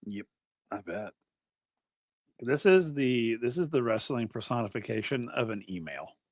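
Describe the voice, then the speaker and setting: A man's voice: medium pitch, animated, unhurried, no echo, studio quality. A man co-hosting a wrestling podcast in casual chat, exasperated and laughing often. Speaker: podcast co-host.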